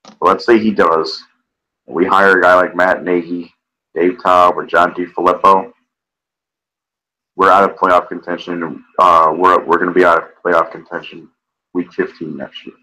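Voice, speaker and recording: A man co-hosting a casual sports podcast, telling animated stories with frequent swearing and stammered restarts. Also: low voice, a little slow, poor audio. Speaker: podcast co-host.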